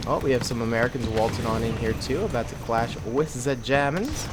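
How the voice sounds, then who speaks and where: A young man casually commentating a war simulation game, jokey and excitable with rambling asides. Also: mid-range voice, brisk, hardly any pauses, slight background noise. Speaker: gaming YouTuber. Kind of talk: let's play commentary.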